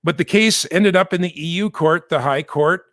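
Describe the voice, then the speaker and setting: An American man talks through the news in a loose, conversational way, wandering into asides and correcting himself as he goes. His voice sits a little high for a man. The recording is dry and close, with no room sound. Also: moderate pace, a bit bright, dry recording. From United States. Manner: chatty, digressive, self-correcting with asides. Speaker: host. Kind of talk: casual news commentary.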